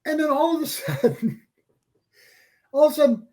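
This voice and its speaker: Middle-aged guy telling a story on a podcast, animated, repeats himself, high-ish voice. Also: normal speed. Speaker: podcast guest. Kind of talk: casual storytelling.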